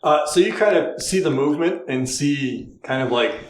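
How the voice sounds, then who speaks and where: A man's voice: fairly high pitch, normal speed. A man running a tabletop game as game master, narrating in a conversational way with fillers and self-corrections. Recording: echoey room, faint noise.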